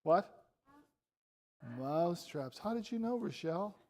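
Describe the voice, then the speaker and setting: An older man, a visiting preacher in a church, telling a Bible story to children in an animated way and asking them questions. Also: high-pitched, slow.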